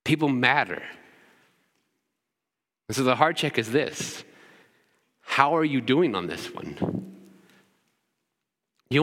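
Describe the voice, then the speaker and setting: A man's voice: medium pitch, pushed and bright, big-room sound. A man pastor preaching a sermon, driving his points home with rhetorical questions and repeated emphatic lines.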